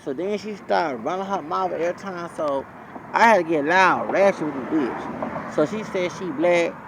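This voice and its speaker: Gravelly man ranting outdoors. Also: high-pitched, moderate pace, background noise. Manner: blunt, profane, rambling. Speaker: vlogger. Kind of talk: casual storytelling rant.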